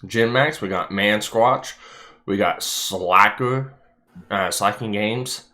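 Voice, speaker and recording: A low-pitched man chatting casually as a stream host. He swings from relaxed rambling to sudden excited outbursts, swears casually and laughs a lot. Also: takes it slowly. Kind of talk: casual livestream chat.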